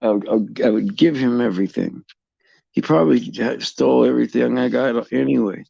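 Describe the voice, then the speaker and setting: A middle-aged man hosting a casual faith talk for viewers, halting and repeating words as he restarts his sentences. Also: medium pitch, vocal fry, mellow, slightly rough, no echo, muffled recording. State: tearful at times. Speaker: host.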